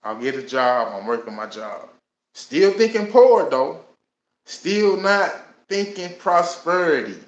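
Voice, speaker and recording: A man in his thirties telling his own life story in a casual, animated way, acting out what he and others said. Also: fairly high pitch, takes it slowly, highs cut off. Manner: casual and animated, with many laughs and voiced asides. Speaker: host. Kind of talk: personal storytelling. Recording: echoey room.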